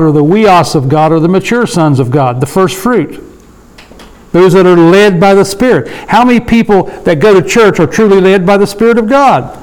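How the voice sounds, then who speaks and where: A man with a high voice leads a Bible study sermon in a relaxed, conversational way. He slows down to read scripture aloud and keeps checking in with his listeners. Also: rough recording. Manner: conversational, asks the room for agreement. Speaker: preacher.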